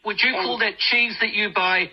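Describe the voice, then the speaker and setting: A woman's voice: mid-range voice, fairly even intonation, normal speed, bright, forceful tone, soft background music. Probing New Zealand woman on muffled radio. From Auckland, New Zealand. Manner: challenging, probing.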